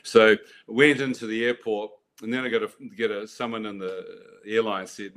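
A man's voice: fairly low pitch, little pitch movement, normal speed, hardly any pauses, a bit bright. An older man telling his life story as an interview guest, vivid and dramatic, with restarts. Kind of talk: animated storytelling.

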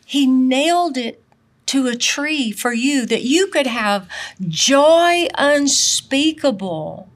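Slow, halting woman preacher. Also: high-pitched, expressive. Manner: slow, halting, with many restarts and pauses. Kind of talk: sermon.

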